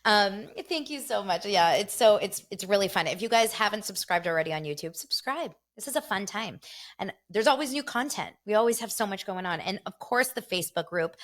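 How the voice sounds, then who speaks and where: A middle-aged woman hosting a casual gossip show, chatty and animated, talking straight to her viewers. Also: medium pitch, brisk. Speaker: show host.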